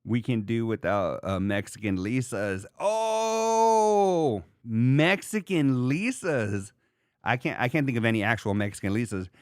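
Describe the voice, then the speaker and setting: A man hosting a podcast in casual chat, rambling and joking in an animated way. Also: fairly low pitch, moderate pace, hardly any pauses, clear, resonant tone, no echo, clean studio sound. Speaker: podcast host.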